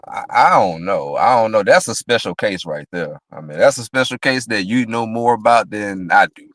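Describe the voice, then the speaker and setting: Laid-back low-voiced man, dry sound. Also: lively intonation, moderate pace, a bit bright, dry recording. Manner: laid-back, short comments, fills with "you know". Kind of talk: casual live-stream gossip chat.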